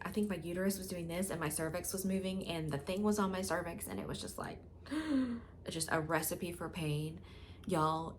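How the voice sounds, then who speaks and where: A woman's voice: on the low side, a little hiss or hum. A woman vlogger telling a personal story to camera in a candid, frank, emotional way, with plenty of filler words.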